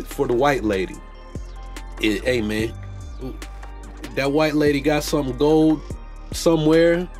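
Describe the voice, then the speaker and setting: A man hosting a podcast, riffing loosely about movies with jokes, slang and restarts. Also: a little high. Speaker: podcast host. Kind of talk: casual movie commentary.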